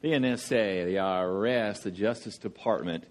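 A man's voice: on the low side, normal speed. A man with a Southern accent from Georgia, preaching as a guest speaker in a chatty, joking, storytelling way. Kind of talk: sermon with jokes.

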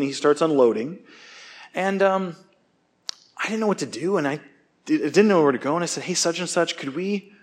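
A man who teaches, giving a casual sermon and telling stories in an emphatic, animated, conversational way. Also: medium pitch.

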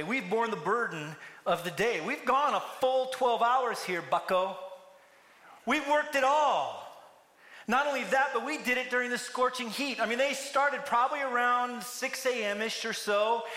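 A man's voice: very high voice, sharp tone. A man preaching a sermon, telling a story and acting out the characters' lines. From United States. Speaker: pastor. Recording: echoey hall with long reverb.

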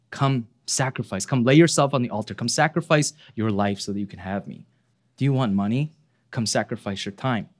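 Money itself speaks as a soft, low tempter, voiced by a male preacher. It coaxes and beckons, with some lift in the pitch. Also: natural voice. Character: money personified as a coaxing tempter.

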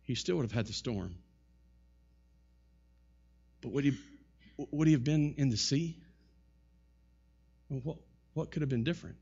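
A man preaching a sermon in an animated style, his voice rising and falling sharply. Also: medium pitch, unhurried, creaky, pauses often, husky, muffled recording. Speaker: pastor.

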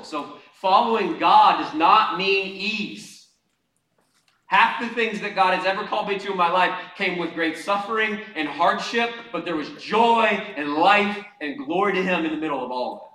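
A male pastor preaching a sermon to his congregation, impassioned and conversational, swinging from loud urging to quiet asides and calling on the room to answer. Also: on the high side. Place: church hall before a congregation. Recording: echoey hall, mic at a distance.

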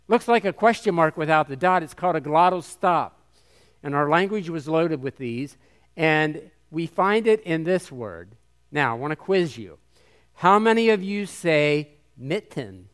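A man with a clear, resonant voice, pitched a bit above the usual, speaks to a conference crowd as a missionary. He teaches by quizzing the audience and drawing out sounds slowly so they can hear them. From United States. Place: hall with a live audience.

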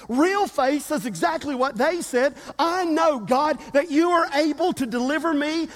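A man's voice: very high voice, normal speed, few pauses. A man preaching a sermon as pastor, with emphatic repetition and call-and-response with his congregation. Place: church sanctuary. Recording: reverberant hall.

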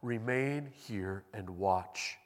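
Man reading Jesus, sorrowful resolute teacher, earnest, slow and deliberate, long hall reverb. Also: fairly low pitch.

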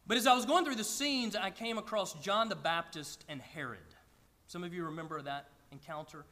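Bright, high-voiced pastor preaching in a hall. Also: male voice, normal speed. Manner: earnest, with frequent stammered restarts. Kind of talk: sermon. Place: church sanctuary with a congregation.

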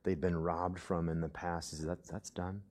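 A young adult male pastor preaching a sermon, swinging from emphatic outbursts to hushed, near-whispered passages, with conversational asides. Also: sits low, flat delivery, normal speed. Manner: conversational, with frequent "right?" asides.

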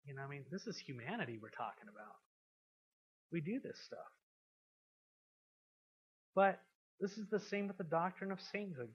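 A man preaching a sermon to a congregation. He asks them questions and swings from quiet, intimate passages to loud, emphatic ones. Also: fairly high pitch, husky, highs cut off. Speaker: pastor.

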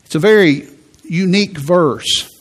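A man preaching a sermon in a conversational way, repeating words and slowing down for emphasis. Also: high-pitched. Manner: conversational preaching with repetitions and slow emphatic phrases. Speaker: pastor.

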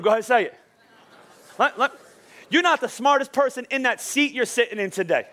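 A middle-aged male pastor preaching a lively, joking sermon in church, urging the congregation to repeat lines after him. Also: very high-pitched, brisk. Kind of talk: lively sermon with call-and-response. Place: church service before a congregation.

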